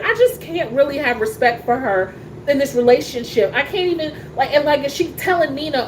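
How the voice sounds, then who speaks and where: A woman talks in a casual show, animated and sassy, full of fillers and restarts. Her voice sits a little high. A faint hum of room noise stays under it. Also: fairly quick, low-quality recording. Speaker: soap opera talk show host. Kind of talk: casual chat reacting to a soap opera.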